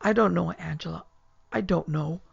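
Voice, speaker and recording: A woman's voice: lowish voice, normal speed, vocal fry, slightly rough, no echo, muffled recording, heavily acted. A woman voicing a nervous young man who hesitates and wavers uneasily, in a horror story reading. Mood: uneasy. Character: young man, nervous, unwilling to get involved.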